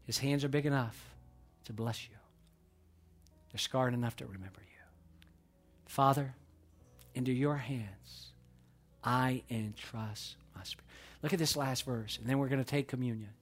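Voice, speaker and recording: A middle-aged man preaching a sermon to his church, swinging between loud emphatic peaks and soft hushed lows. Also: steady tone, measured pace, long pauses. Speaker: pastor. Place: church sanctuary.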